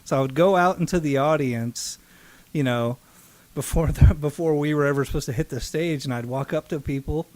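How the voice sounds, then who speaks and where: A man co-hosting a casual podcast, telling stories in an animated way and mimicking other people's voices. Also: fairly quick, no room sound. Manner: animated storyteller, mimics voices with big pitch jumps. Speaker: podcast co-host.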